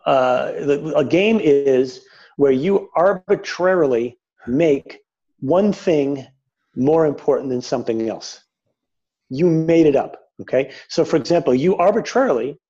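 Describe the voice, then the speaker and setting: A man speaking as a spiritual teacher in a reflective conversation, gentle and searching, often restarting his sentences. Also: on the high side, husky. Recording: dull lo-fi sound.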